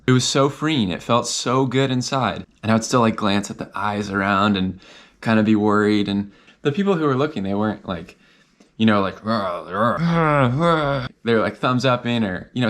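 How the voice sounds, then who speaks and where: A young man telling a personal story in a vlog, animated and full of fillers, acting out his own nervous inner voice. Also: mid-range voice. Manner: many fillers and restarts.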